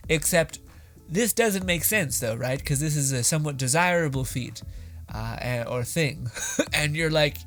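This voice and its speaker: A young man hosting a casual reaction show, rambling and laughing, crude and animated. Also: a little high, unhurried, soft background music.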